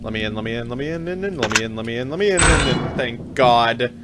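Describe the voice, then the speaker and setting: A YouTube gameplay host runs a casual let's-play of a horror game, jumpy, self-mocking, and swearing often. His mid-range voice is expressive and fast, with horror game music and other background noise behind him.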